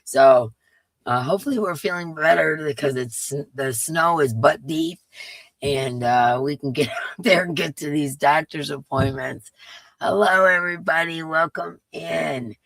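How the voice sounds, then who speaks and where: Casting note: woman host, hoarse and gravelly, chatty, dry close sound. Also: deep voice, unhurried, a bit bright, dry recording. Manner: chatty, reads viewer names aloud. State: hoarse, voice coming and going. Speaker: livestream host. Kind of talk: casual live-stream chat greeting viewers.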